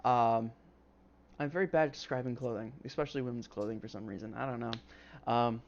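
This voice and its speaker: A man's voice: medium pitch, steady tone, fairly quick, darkish tone, highs cut off, slight background noise. A man narrating as game master in a casual, rambling way, full of fillers and the odd swear word.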